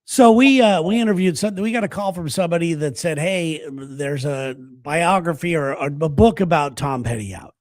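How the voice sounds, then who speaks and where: Higher-pitched man telling a story. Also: moderate pace, hardly any pauses, darkish tone, dry recording, studio quality. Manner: storytelling, laughs while talking. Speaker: radio show host. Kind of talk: casual chat.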